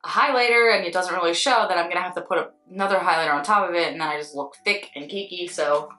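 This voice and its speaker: Bright chatty young woman in a roomy space. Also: lowish voice, quick pace. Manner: chatty, candid, wry asides. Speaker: beauty vlogger and freelance makeup artist. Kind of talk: casual unboxing chat. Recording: roomy echo, faint background music.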